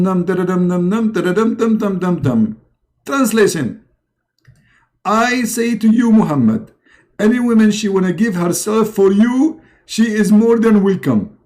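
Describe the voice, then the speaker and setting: A man voicing a panicky, groveling grown man who pleads in a high, frantic voice. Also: expressive, unhurried, a little mellow. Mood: chanting. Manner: pleading, shrill, overexcited.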